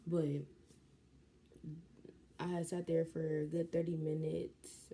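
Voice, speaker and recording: Gravelly-voiced young woman telling a story. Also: low-pitched, a little hiss or hum. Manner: animated, slangy, jumps into quoted voices. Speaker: vlogger. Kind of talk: casual storytelling vlog.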